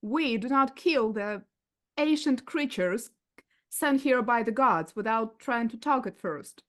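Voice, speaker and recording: Brief: female tabletop player, unhurried, careful phrasing. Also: fairly high pitch, lively intonation, fairly bright tone. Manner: careful, halting. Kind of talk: casual tabletop play.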